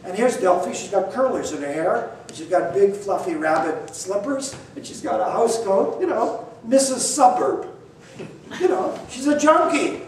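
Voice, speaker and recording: An older man telling a story to an audience in an animated, blunt and wry way, acting out the dialogue. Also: high voice, moderate pace, slight background noise. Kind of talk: lively spoken storytelling. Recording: very echoey, mic far off, faint ambience.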